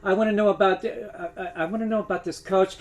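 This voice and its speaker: A man's voice: high voice, fairly even intonation, quick pace. A man hosting a show over a video call, chatting eagerly with his guest before introducing her. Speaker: host. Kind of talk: casual chat and introductions.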